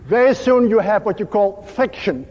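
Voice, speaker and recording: A man preaching a sermon slowly and gently, his voice dropping to a soft hush on tender phrases. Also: high-pitched, lively intonation, slight background noise. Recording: dull lo-fi recording in a reverberant hall.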